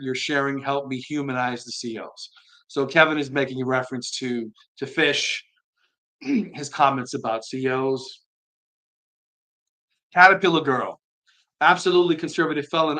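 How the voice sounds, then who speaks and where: Man, live stream host, reads out chat comments, earnest, conversational, mid-pitched voice. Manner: reads viewer comments aloud and answers them plainly; earnest, soft-spoken, admits being slow tonight.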